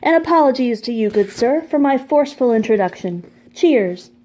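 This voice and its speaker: A woman's voice: fairly high pitch, animated, normal speed, a little mellow, voice pushed up. A woman playing a crooning young dandy. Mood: cheeky. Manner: crooning, flowery, theatrical. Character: pretty, smooth-talking young dandy man.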